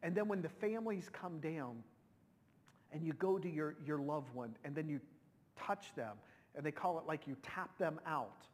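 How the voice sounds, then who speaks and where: Sharing a personal story during a sermon, a middle-aged pastor sounds emotional and conversational and frequently restarts. He speaks at normal speed in a fairly high-pitched voice, with long hall reverb around him.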